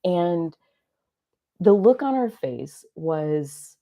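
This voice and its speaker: A woman's voice: lowish voice, expressive, very slow, narrow, tinny audio. A woman in her thirties hosting a live stream, telling personal stories in a rambling, confessional way. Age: 30s. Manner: rambling, confessional, many "like" fillers. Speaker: astrology live stream host. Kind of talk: reflective personal storytelling. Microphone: live stream mic.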